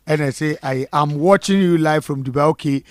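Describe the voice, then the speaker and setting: Host voice: Ghanaian man, slightly high, dry studio sound, reads viewer shout-outs briskly. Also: no room sound. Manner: reads out names and messages, mixing Twi and English. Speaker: host reading viewer comments. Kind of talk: live election-night studio talk.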